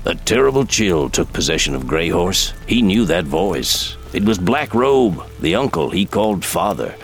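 A man reading a story aloud in measured, expressive audiobook narration. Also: low-pitched, gravelly. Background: soft background music.

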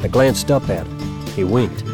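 A man reading a first-person western story aloud, in a steady, even storytelling manner. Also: fairly low pitch, measured pace. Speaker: audiobook narrator. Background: guitar music.

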